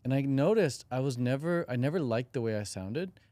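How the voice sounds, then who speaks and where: Laid-back mellow-voiced young guy. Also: medium pitch, animated, brisk, no room sound. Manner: curious, breezy, slangy, acts out example phrasings. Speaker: podcast host. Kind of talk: casual chat.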